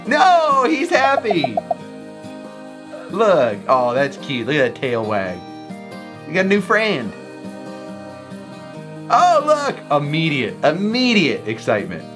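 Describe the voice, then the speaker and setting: A man chats playfully through a run of animal clips, laughing often. His voice swings widely up and down in pitch, and music plays clearly behind him. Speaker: reaction video host. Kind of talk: casual commentary. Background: music playing.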